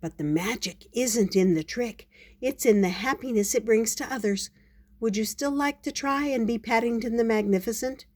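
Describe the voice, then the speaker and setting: A woman's voice: fairly high pitch, normal speed, voice pushed up, lightly acted. An older woman voicing a kind, patient old male shopkeeper in a storybook reading. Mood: kindly. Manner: gentle and encouraging.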